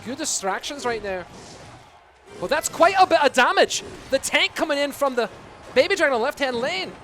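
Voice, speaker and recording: A man voicing an excitable Scottish commentator, calling a video game match live with a put-on Scottish accent and loud exclamations. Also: extremely high pitch, normal speed, slight background noise, pitched above the performer's own voice, exaggerated voice. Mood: excited.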